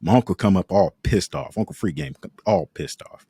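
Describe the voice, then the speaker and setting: A man's voice: sits low, animated, moderate pace, mellow, husky, no echo, clean studio sound. A man co-hosting a podcast, telling stories in casual chat, laughing often and acting out the voices of people in them. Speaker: podcast co-host. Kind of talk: casual storytelling.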